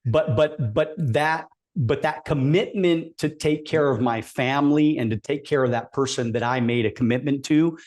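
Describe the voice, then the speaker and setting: A middle-aged man hosting a podcast conversation, speaking reflectively and haltingly, often restarting his sentences. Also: medium pitch, a little mellow.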